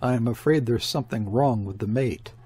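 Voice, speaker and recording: A man's voice: mid-range voice, a little fast, dark tone, slightly rough, natural voice. A man voicing a nervous male sailor at the helm, speaking in a rattled, jittery way.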